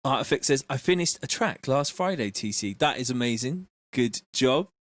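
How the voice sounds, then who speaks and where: A man chatting casually on a live stream, reading out viewer messages in a relaxed, slangy way from his home studio. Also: mid-range voice, moderate pace, no echo. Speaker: music producer streaming live.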